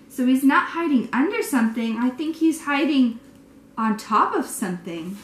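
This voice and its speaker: High, animated preschool teacher reading. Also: female voice, normal speed, reverberant. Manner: warm, encouraging questions to children. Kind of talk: reading a picture book to young children.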